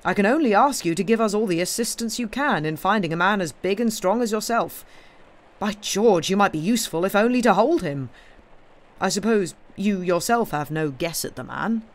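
A man's voice: sits high, expressive, normal speed. An easygoing police inspector with a jocular, slightly raised voice as a man acts him out. He joshes his way through a storybook scene. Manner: amicable, jocular.

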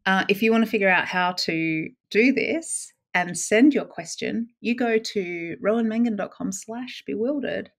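A woman co-hosting a podcast in casual chat, laughing often and talking quickly with fillers. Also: medium pitch. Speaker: podcast co-host.

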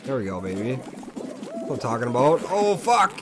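A young man hosting his gaming channel, cursing his way through gameplay commentary that swings from mumbled asides to yelling outbursts. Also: medium pitch, moderate pace, over music.

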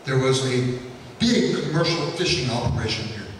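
A man's voice: mid-range voice, lively intonation, moderate pace, distant mic, a little hiss or hum. Man lecturing in an echoey hall. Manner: anecdotal, folksy, with fillers. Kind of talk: public history lecture.

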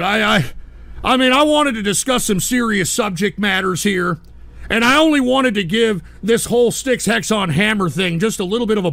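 Man, stream host, angry rant, swearing, high-pitched, gravelly, dry close sound. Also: dry recording. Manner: angry, exasperated, swearing, shouting outbursts. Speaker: live-stream show host. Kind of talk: ranting live-stream commentary reading chat.

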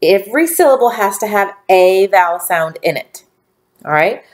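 A woman teacher giving a phonics lesson to young children, speaking slowly and clearly with encouraging praise. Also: mid-range voice, lively intonation. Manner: slow, clearly enunciated, encouraging.

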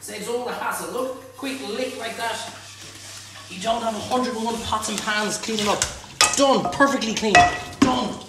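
A man's voice: sits high, moderate pace, very noisy. An Irish man hosting a live cook-along from his kitchen, joking and bantering with viewers as he reads out their comments. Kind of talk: live-streamed cooking demonstration. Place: home kitchen. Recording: echoey kitchen room.

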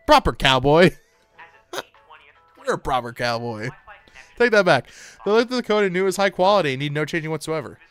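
Playful American man streaming, lively pitch. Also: smooth. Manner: playful, joking, laughs often. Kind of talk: casual live-stream chat, reading chat aloud.

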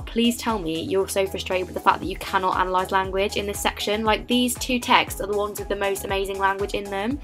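A woman's voice: mid-range voice, fast, hardly any pauses, soft background music. Chatty English teenage girl vlogging. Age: late teens. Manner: chatty, animated, lots of fillers. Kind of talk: casual study vlog voice-over.

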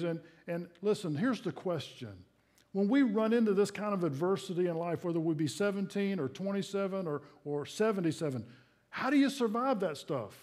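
A middle-aged man preaching a sermon in a church, earnest and personal, dropping to hushed asides. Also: sits high, animated, brisk. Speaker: pastor. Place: church sanctuary.

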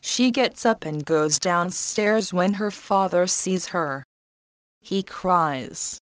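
Slow, low-voiced woman storyteller. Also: no room sound. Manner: slow, clear graded-reader pacing. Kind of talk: scripted narration for learners.

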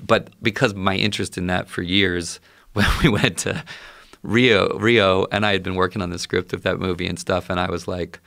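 A man, an actor, answering a question in a halting, thoughtful way. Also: low-pitched, fairly even intonation, gravelly, a bit bright, no echo, clean studio sound. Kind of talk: interview answer.

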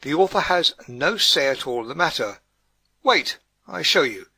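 An earnest middle-aged German housewife lectures her neighbours in a put-on German accent, as a man puts her on. The tone is bright and slightly husky, the sound dry and close. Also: on the high side, animated, normal speed, no echo, exaggerated voice.

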